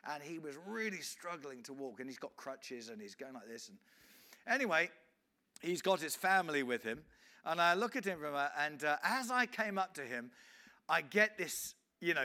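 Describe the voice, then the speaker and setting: A man's voice: on the high side, bright, forceful tone. A man, an evangelist telling a story in a sermon, acting out scenes with frequent restarts. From England.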